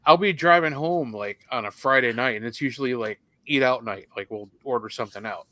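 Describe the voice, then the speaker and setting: A man hosting a casual chat, easygoing and quick to chime in. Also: medium pitch, sharp tone, no room sound. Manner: easygoing, says "like" often. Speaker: host.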